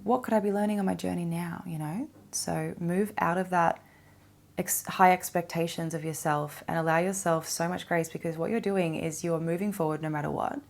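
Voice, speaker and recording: A young adult woman hosting a casual spiritual self-help podcast, animated, swearing freely and laughing often. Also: fairly low pitch, normal speed, vocal fry. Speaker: podcast host.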